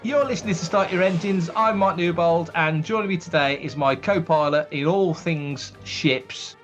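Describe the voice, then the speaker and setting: An enthusiastic man hosts a casual podcast chat in a fairly high voice. The sound is slightly dull and lo-fi, as if from a modest home mic. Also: moderate pace, fairly bright tone, faint music behind. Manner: enthusiastic, chatty. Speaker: podcast host.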